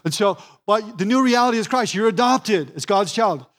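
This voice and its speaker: A man's voice: high-pitched, expressive, normal speed, fairly bright tone. A man pastor preaching a sermon in a church, repeating key phrases for emphasis and acting out the voices he quotes.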